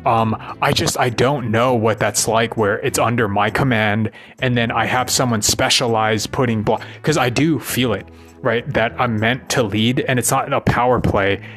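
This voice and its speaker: A man's voice: medium pitch, fairly even intonation, normal speed, a bit bright, soft background music. A man venting in a rambling monologue, swearing often and tagging his thoughts with questions to the listener. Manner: profane, ranting, keeps asking "right?".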